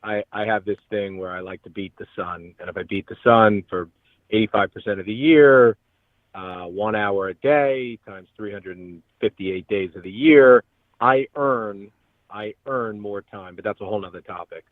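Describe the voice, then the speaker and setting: A man's voice: on the low side, moderate pace, dry recording. Earnest man on a tinny phone line. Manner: earnest, motivational. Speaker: guest. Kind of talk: motivational radio interview talk.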